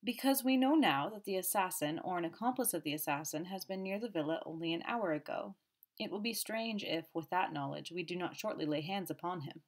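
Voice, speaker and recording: A woman reads a smooth, imperturbable male detective with a cold edge of menace. He speaks evenly and calmly, never ruffled. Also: on the low side, brisk. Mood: cool.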